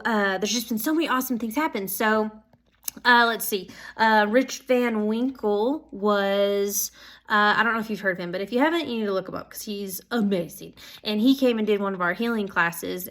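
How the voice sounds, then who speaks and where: Young woman, earnest personal vlog update, gushing and rambling, mid-pitched voice. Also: moderate pace, a bit bright. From Oklahoma. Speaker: Bible school student.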